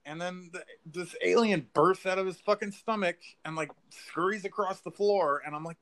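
A man in casual podcast chat, rambling excitedly through a story with lots of filler words and swearing. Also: sits high, moderate pace, hardly any pauses. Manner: rambling, profane, filler-heavy, says "like" and "dude".

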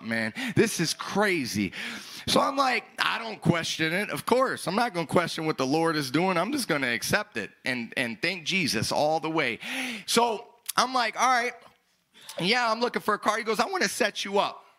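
A young male pastor telling a story in a sermon, acting out dialogue with loud, animated outbursts. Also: a little high.

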